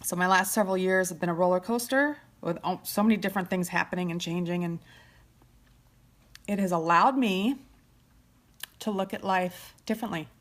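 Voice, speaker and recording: A middle-aged woman chatting on a live stream while doing her makeup, heartfelt and at times tearful, often trailing off soft. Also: on the low side, normal speed, pauses often. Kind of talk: emotional live chat. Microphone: phone or webcam live stream.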